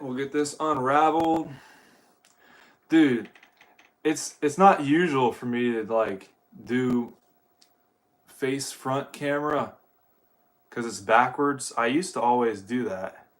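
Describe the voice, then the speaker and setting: A young livestream host from Ohio, United States, takes it slowly and pauses often, his medium-pitched voice fairly bright. As he sets up gear, he chats casually with his viewers, rambling, swearing and addressing them as "dude."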